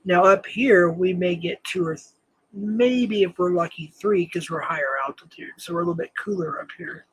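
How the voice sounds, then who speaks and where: A man's voice: high voice, moderate pace, fairly bright tone, husky, poor audio. Rambling man hosting a live chat. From New Mexico. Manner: rambling, full of fillers and self-corrections; chuckles often. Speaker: host. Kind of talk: casual live-stream chat.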